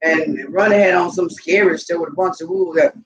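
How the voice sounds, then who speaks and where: A woman telling animated, profane stories casually to her viewers, laughing often. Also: fairly low pitch, fairly quick, lo-fi sound. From Southern US. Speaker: vlogger. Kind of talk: casual storytelling to camera.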